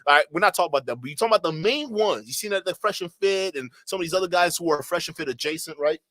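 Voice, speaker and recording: A man hosting a reaction commentary channel, animated and mocking as he talks to his chat, laughing often. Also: fairly high pitch, very fast, no echo.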